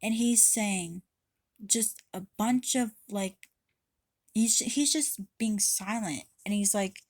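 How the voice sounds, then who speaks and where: A woman's voice: mid-range voice, takes it slowly, darkish tone, no room sound. A woman vlogger ranting to camera in a rambling way, swearing often and restarting her sentences. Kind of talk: casual rant to camera.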